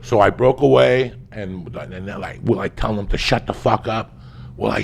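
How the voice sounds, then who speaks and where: Guesting on a podcast, this New Jersey–New York man spins a comic tale full of profanity, veering from yells to low grumbles. He talks at a normal speed with some vocal fry, and there's a bit of background noise.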